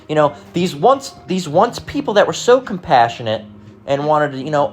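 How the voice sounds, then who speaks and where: A man's voice: on the high side, animated, moderate pace, soft background music. A man giving casual, rambling commentary on online comments, talking bluntly and profanely with frequent restarts.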